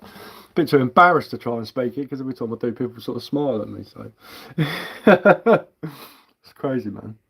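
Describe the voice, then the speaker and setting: A man's voice: medium pitch, animated, a little fast, creaky, husky. Rambling, sweary man. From England. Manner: rambling, swears freely, laughs often, frequent restarts. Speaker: live-streamer. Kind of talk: casual live-stream chat.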